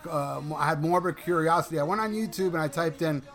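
A man's voice: fairly high pitch, quick pace, a bit bright, soft background music. A man in casual chat, enthusiastic and profane.

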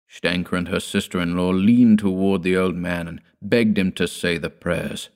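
A man reads a gothic story aloud in the first person. His voice is very deep and low. He tells it in a measured, dramatic way. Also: steady tone, creaky. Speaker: audiobook narrator.

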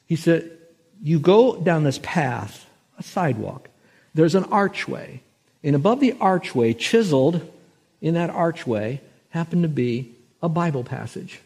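A man pastor preaching a sermon, telling a story and slowing down to stress scripture. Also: mid-range voice, mellow, breathy edge. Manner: storytelling, slows and swells for emphasis on scripture.

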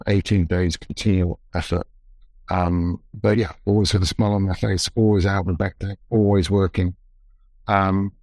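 A man who led an expedition, recounting events in a measured, reflective, halting way during a conversation. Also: fairly low pitch, darkish tone, no echo. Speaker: expedition leader.

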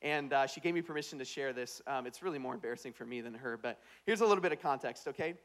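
A young man preaching a sermon as pastor, telling a comic story with put-on voices and swinging between hushed asides and loud punchlines. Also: medium pitch, quick pace.

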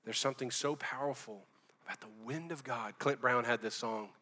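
A man's voice: mid-range voice, moderate pace, pushed and bright, in a large hall. A man preaching a sermon as pastor, fervent and conversational, dropping casual slang as he talks.

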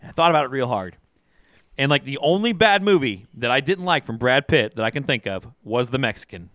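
A man's voice: mid-range voice, very animated, brisk, a bit bright, no room sound, studio quality. A man chatting casually on a podcast, correcting friends and often restarting his sentences. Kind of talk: casual chat.

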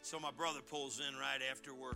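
A male pastor giving a folksy, animated sermon, often restarting his words. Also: medium pitch, brisk, creaky, music in the background. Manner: folksy, animated and joking, with repeated word restarts.

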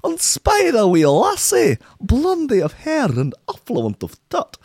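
A man putting on a rambling, lyrical Scottish storyteller voice with a put-on Scottish accent, slow and sing-song. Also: very high-pitched, huge pitch swings, darkish tone, dry recording, studio quality, voice pushed up, heavily acted.

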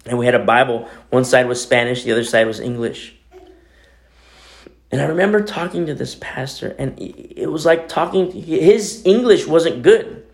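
A middle-aged man preaching a sermon in a conversational way, his voice swinging between loud emphasis and near-quiet asides. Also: medium pitch, expressive, normal speed. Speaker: pastor.

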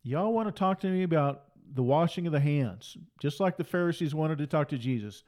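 A man delivers a fiery sermon. His voice sits fairly high, and he drives each point home by repeating it with emphasis. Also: animated, brisk, few pauses, darkish tone. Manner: emphatic, repeats phrases for force. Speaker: preacher.

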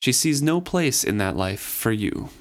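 A man co-hosting a book discussion podcast, summarizing and reading passages in a relaxed conversational way. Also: mid-range voice, a little slow. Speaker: podcast co-host.

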